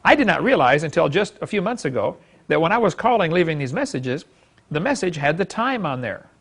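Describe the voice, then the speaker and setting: A man's voice: a little high, sing-song, fairly quick, fairly bright tone, breathy edge. A man teaching a Bible class to a live audience, folksy and emphatic, chuckling as he acts out quoted speech.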